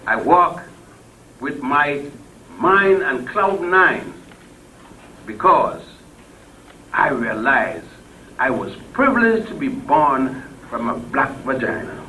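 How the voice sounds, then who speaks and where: An older man giving an impassioned speech to a crowd, blunt and salty. He swings between loud peaks and low murmurs and chuckles as he tells stories. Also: big pitch swings, slow pace, long pauses. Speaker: public speaker. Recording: distant mic with faint background noise.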